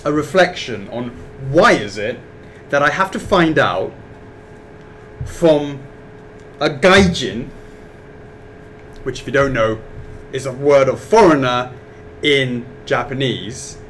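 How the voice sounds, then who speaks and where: A man co-hosting a live stream, telling a story in animated, quick bursts. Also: medium pitch, a little hiss or hum. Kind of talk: casual chat on a live stream.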